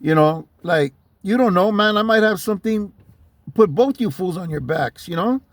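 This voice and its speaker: A man with a fairly high voice tells a story to camera in a loose, conversational way, full of street slang and restarts. The sound is dry and close. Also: expressive, normal speed, no echo. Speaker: channel host.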